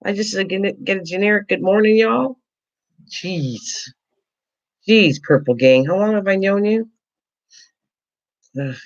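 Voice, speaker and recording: A woman's voice: mid-range voice, measured pace, pauses often, lo-fi sound. A woman hosting a casual craft livestream, rambling and chatty, playfully teasing her viewers.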